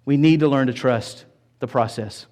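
A man's voice: mid-range voice, moderate pace, darkish tone. A middle-aged male pastor from Tennessee preaching a sermon, telling stories with self-deprecating humor and emphatic repetition.

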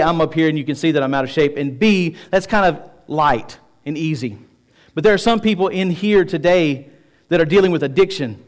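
A man in his forties preaching a sermon on a church stage, talking conversationally with self-deprecating humor and rising into emphatic passages. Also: a little high. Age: 40s. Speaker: pastor.

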